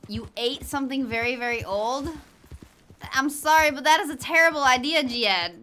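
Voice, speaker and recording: A woman's voice: sits high, moderate pace, sharp tone, slight background noise. A woman streaming a game in casual chat, greeting viewers by name and laughing often. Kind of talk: casual livestream chat while gaming.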